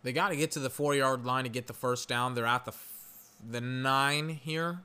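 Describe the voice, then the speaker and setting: Bright-voiced man calling football casually. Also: mid-range voice, steady tone, normal speed, clean tone. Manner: gets loud and frustrated at plays, rambling with fillers. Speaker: podcast host doing game commentary. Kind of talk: casual live football commentary.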